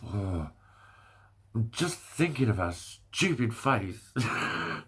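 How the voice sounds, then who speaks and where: A man's voice: on the low side, very animated, slow, a bit bright, slightly rough. A young English man delivering a sweary, exasperated rant to camera, breaking off to laugh between points. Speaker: vlogger. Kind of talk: ranting monologue.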